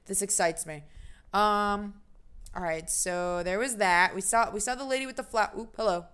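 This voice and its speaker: A woman's voice: on the low side, animated, normal speed, a bit bright. A young American woman streaming a game, reading the game's text aloud and chatting in a rambling, self-deprecating way.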